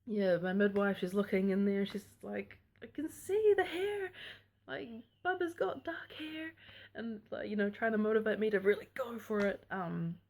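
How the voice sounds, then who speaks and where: Young adult woman, casual vlog storytelling, frank and chatty, mid-pitched voice. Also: darkish tone. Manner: candid and chatty, frank about intimate details. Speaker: vlogger telling her birth story. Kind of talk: casual personal storytelling to camera.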